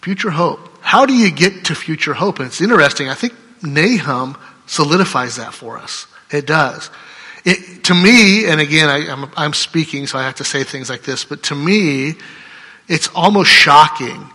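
A man's voice: fairly high pitch, expressive, moderate pace, bright, forceful tone, husky. A man preaching a sermon as pastor, speaking conversationally and often checking in with "right?". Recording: long hall reverb.

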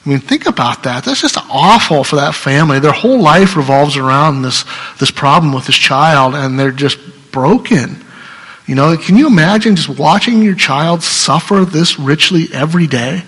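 A man's voice: on the high side, expressive, moderate pace, fairly bright tone, slightly rough, long reverb tail, rough recording. A pastor preaching an earnest, conversational sermon, often restarting his sentences.

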